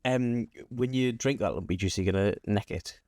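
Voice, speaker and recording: A man co-hosting a casual chat, teasing in a deadpan way. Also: fairly low pitch, moderate pace, no room sound, studio quality. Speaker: podcast co-host.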